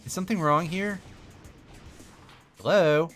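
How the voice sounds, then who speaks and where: A man's voice: on the high side, unhurried. A man streaming a video game live, giving wry, self-mocking commentary and talking to his chat as he plays. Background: faint game music.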